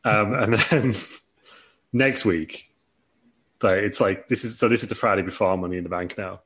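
A man with a low voice rambles through a made-up tale in casual podcast chat. He laughs often and stumbles over fillers. His tone is loose and playful. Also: moderate pace, a bit bright. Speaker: podcast host.

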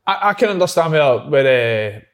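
A man on a football chat panel who reasons things through in a measured way. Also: fairly high pitch, sing-song, clean tone. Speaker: podcast panelist.

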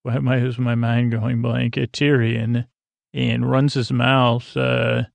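Man, sleepy rambling recap host; gravelly, monotone, close and dry. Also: medium pitch, takes it slowly, no room sound. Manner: rambling, many uh fillers, flat drowsy delivery. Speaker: podcast host recapping a TV episode.

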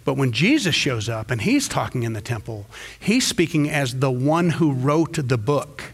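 Very animated and speaking at normal speed, a middle-aged pastor preaches in church, telling stories and acting out quotes with sudden pitch jumps. The recording sounds slightly rough.

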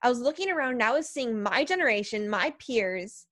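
Woman preacher on a podcast, high voice, dry close sound, tells her story all animated. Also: brisk, no echo. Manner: lively storyteller who acts out her past thoughts and often adds 'right?'. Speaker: podcast guest, preacher and speaker. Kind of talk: storytelling in a faith podcast interview.

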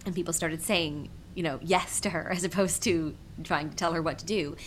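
A woman impressionist with a husky voice, chatting animatedly as an interview guest and laughing often. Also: low voice, fairly even intonation, normal speed, a little hiss or hum. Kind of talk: casual interview chat.

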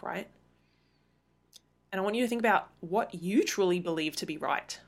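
Earnest woman coaching parents, slightly low. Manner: earnest, emphatic, acts out quick imagined retorts. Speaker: parenting coach and podcast host. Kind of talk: solo podcast talk.

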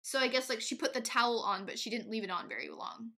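A woman's voice: on the high side, quick pace, bright, forceful tone. A woman co-hosting a podcast, chatting playfully and joking, with lots of "like". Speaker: podcast co-host. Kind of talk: casual chat recapping a movie.

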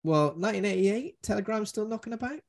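A man's voice: sits high, lively intonation, fast, creaky, a little mellow. A man hosting a casual film review chat, rambling and joking. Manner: rambling, jokey, does silly voices. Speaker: podcast host.

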